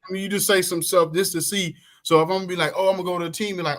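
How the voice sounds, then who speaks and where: A middle-aged man, chatting casually as a podcast guest and acting out the voices of people in his stories. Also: rapid-fire. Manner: animated storyteller, acts out quoted voices, swings pitch widely. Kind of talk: casual chat.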